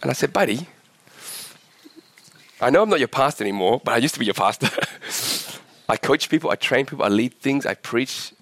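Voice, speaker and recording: A man's voice: expressive, moderate pace, a bit bright, no room sound. A man in his forties, originally from Vietnam, preaching a sermon in a church while sick and coughing, impassioned and often asking the congregation questions. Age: 40s. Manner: impassioned, rising in pitch at climaxes, asks the crowd questions. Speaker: pastor.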